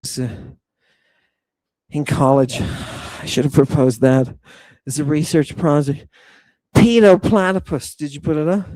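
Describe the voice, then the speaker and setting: A man in middle age hosts a live chat stream, jumping from comment to comment with loud, profane enthusiasm. His voice sits a bit higher than most men's and comes across close and dry, with no room echo. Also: unhurried, long pauses. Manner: excitable, profane, riffing on viewer comments. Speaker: livestream host reading chat.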